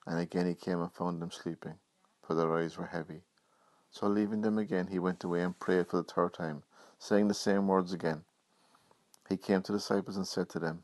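A man preaching a Good Friday sermon, reading scripture in an earnest, measured way. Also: low-pitched, fairly even intonation, darkish tone, no echo.

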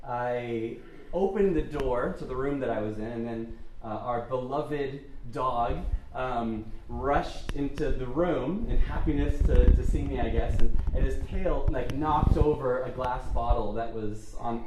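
A man, a pastor, giving an informal, chatty and self-deprecating sermon to his congregation. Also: fairly high pitch. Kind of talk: conversational sermon. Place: church hall. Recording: echoey hall from far off, faint noise.

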